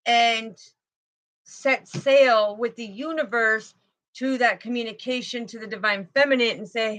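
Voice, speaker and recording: A woman with a slightly high voice gives a casual spiritual tarot reading. She rambles from thought to thought, repeats words as she restarts, and tags her sentences with "right?" or "okay." The talk stays loose and unscripted. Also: a bit bright. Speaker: intuitive tarot reader.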